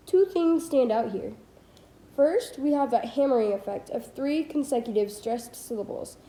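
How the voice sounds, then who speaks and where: A teenage girl reads a textbook aloud in a homemade audiobook, her voice fairly high and soft-edged. She reads steadily, now and then stumbling on a word and correcting herself. The room around her sounds echoey. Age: teens. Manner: careful reading with small slips and self-corrections. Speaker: student reader. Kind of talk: amateur audiobook read-aloud.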